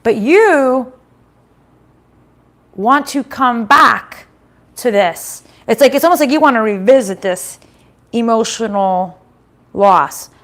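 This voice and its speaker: A woman's voice: on the high side, animated, takes it slowly, long pauses. A middle-aged woman giving a casual live-stream tarot reading from home, chatty, swearing now and then and laughing often.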